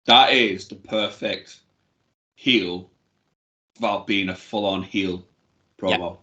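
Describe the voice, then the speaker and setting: A man's voice: sits low, slow, bright, forceful tone, muffled recording. A man co-hosting a casual wrestling podcast, blunt and opinionated, with casual swearing. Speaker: podcast co-host.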